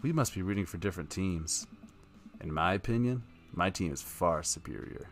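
A brooding bar regular nursing his whiskey, curt and sure his team is better, played by a man. His voice is very deep, with faint music far behind. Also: lively intonation, moderate pace. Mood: smug. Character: brooding middle-aged male sports fan, smug rival.

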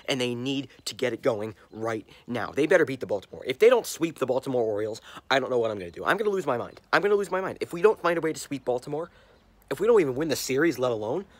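A man's voice: medium pitch, fairly bright tone, no echo. Young guy raging at his team on a handheld cam, keeps repeating himself, trips over words. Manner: furious, repetitive, stumbling over words. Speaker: sports fan vlogger. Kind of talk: angry fan rant to camera. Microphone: handheld camera.

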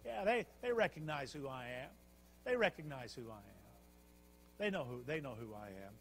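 A man's voice: medium pitch, lively intonation, moderate pace, a bit bright, a little hiss or hum. A man preaching acts out a vain, puffed-up ancient king who boasts smugly about his greatness. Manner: smug, self-satisfied boasting. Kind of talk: sermon storytelling. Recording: long church hall reverb.

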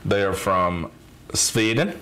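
A man's voice: low voice, lively intonation, slow pace, sharp tone. A man hosting a reaction video, chatting casually and explaining with fillers. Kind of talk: casual chat.

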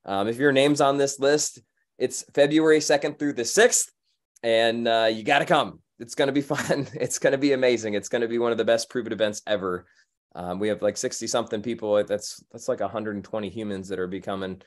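Male team host, excited and casual, video-call sound. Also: medium pitch, fairly quick. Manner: enthusiastic, casual, many fillers. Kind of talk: upbeat company meeting talk.

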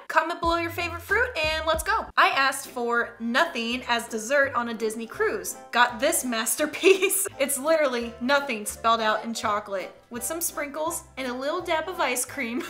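A woman's voice: high-pitched, sharp tone. A woman hosting a casual reaction video, laughing often between lines and reacting with exaggerated disgust. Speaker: YouTube host.

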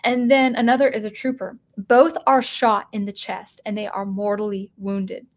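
A woman hosting a spoken commentary video, animated and given to restarts, who acts out the lines she quotes. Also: medium pitch, moderate pace.

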